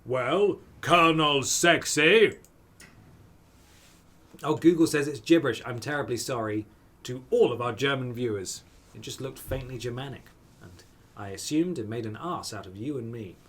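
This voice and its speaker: A man's voice: mid-range voice, fairly quick. A man streaming a dating game, reading the text aloud with playful, wry asides.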